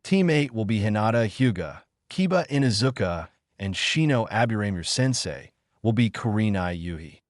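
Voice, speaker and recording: A man's voice: fairly low pitch, animated, moderate pace, few pauses, dry recording, clean studio sound, lightly acted. A man voicing a stern adult male ninja teacher announcing teams in a storybook reading. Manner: announcing, brusque.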